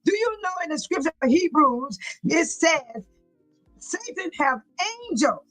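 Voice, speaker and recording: A woman's voice: high-pitched, big pitch swings, a little slow, a bit bright, soft background music, poor audio. A woman hosting a casual livestream, talking emphatically and preachily, repeating herself and laughing often as she reads viewer chat.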